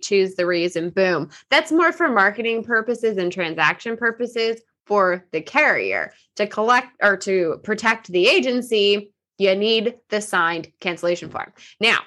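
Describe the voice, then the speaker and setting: A woman in her forties hosting an insurance talk show, telling a family story in a casual chat and acting out the voices she quotes. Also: mid-range voice. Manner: animated, acts out quoted voices. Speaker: insurance podcast host.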